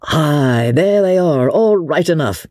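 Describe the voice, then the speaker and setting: Hearty young lord, lively and exuberant, voiced by a woman reader. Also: sits low, moderate pace, husky, no echo, studio quality, exaggerated voice. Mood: jovial. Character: jovial young English lord, hearty and bold.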